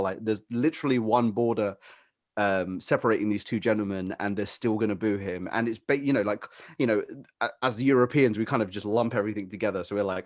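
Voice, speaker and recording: A British man holds forth on a sports podcast, rambling and opinionated with plenty of "like" and "you know". His voice sits on the low side. The sound is dry and close, with no room around it. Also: fairly even intonation, a little fast, no room sound. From Britain. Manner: rambling, opinionated, many fillers. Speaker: podcast co-host. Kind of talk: casual chat.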